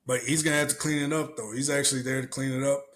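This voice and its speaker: A man co-hosting a casual podcast, talking in a profane, animated way and laughing often. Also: mid-range voice, quick pace. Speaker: podcast co-host.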